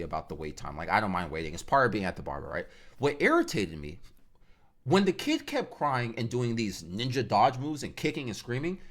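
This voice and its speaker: A man telling a casual storytime rant, slangy and animated, acting out the sounds he describes. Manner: animated, acts out sounds and jumps between high and low pitch; slangy and conversational. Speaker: vlogger.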